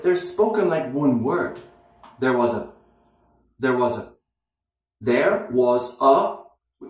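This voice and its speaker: A man with a slightly high voice gives an English pronunciation lesson and breaks words down one at a time. He speaks very slowly and deliberately. He is recorded somewhat away from the mic, in a room with a strong echo. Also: a little mellow, recorded from a distance. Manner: repeats words slowly, demonstrating sounds. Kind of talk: slow, deliberate teaching.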